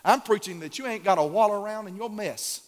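A very high-pitched male pastor preaching a sermon, repeating key lines and answering his own questions. He builds to shouts, and his voice rings through a hall with a long reverb. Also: fast.

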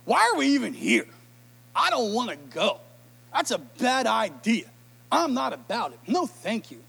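Brief: a high-voiced preacher doing a complaining disciple, whiny and sulky. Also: male voice, wildly swooping pitch, a little slow, gravelly, fairly bright tone, slightly rough, long reverb tail, heavily acted. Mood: grumbling. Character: grumbling reluctant male disciple Judas.

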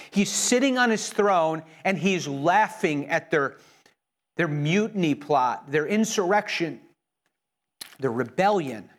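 A man's voice: on the high side, animated, slow. A male pastor preaching an earnest sermon in church, with frequent repeated words and restarts.

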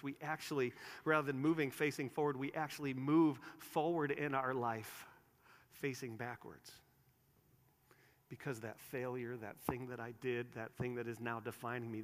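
A man preaching a sermon in a church, earnest, rising to emphatic peaks and dropping to quiet, soft lines. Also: mid-range voice. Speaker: pastor. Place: church sanctuary. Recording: long reverb of a large room.

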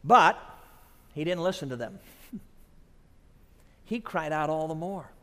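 A man preaching a sermon at a conference, dramatic, dropping to a hush and then rising to shouts. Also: a little high, slow pace. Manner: dramatic, swings from hushed to shouting. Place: large conference hall. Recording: long reverb of a large hall.

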